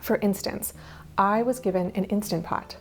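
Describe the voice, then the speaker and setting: With slight background noise behind her, a woman in her thirties speaks in a steady, mid-range voice at a moderate pace. Her casual vlog covers her minimalist habits, and she's candid and chatty, adding small laughs and asides.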